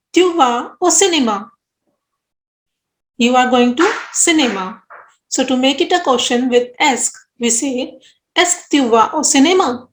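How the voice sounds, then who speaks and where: High-voiced woman teaching slowly. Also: reverberant, low-quality recording. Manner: slow, careful explaining with French examples. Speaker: French teacher. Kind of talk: scripted language lesson.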